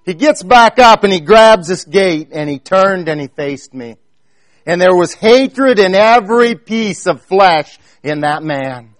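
A man with a high voice and an Amish accent preaches to his congregation. He tells his story earnestly and speaks to them directly. The recording is dry and close, with almost no room sound. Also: expressive, measured pace, no room sound. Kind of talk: sermon.

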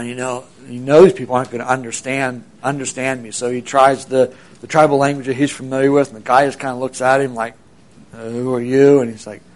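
Man, middle pitch, casual storytelling, rambling, lots of fillers, acts out dialogue. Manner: rambling, with many fillers and restarts, acting out quoted dialogue.

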